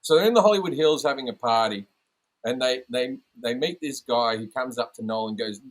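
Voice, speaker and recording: A man chatting as a comedian guest on a podcast, telling stories in a profane, animated way. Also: medium pitch, brisk, poor audio. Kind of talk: casual podcast chat.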